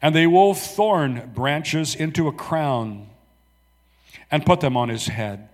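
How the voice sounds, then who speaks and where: A man preaching, reading scripture aloud slowly and dramatically, with soft asides to the congregation. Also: a little high, lively intonation, long reverb tail.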